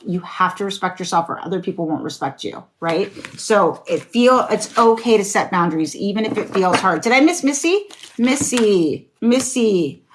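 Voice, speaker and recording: A woman's voice: mid-range voice, a little hiss or hum. A woman doing casual, encouraging tarot readings on a live stream, swearing now and then. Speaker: tarot reader.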